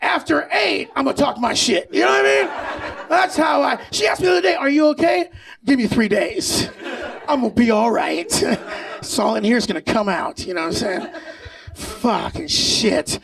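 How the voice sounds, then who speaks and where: A man doing a stand-up comedy set on stage, brash and profane, shouting his punchlines and laughing at his own jokes. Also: very high voice, lively intonation, moderate pace, creaky, far from the mic. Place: comedy stage before a live audience.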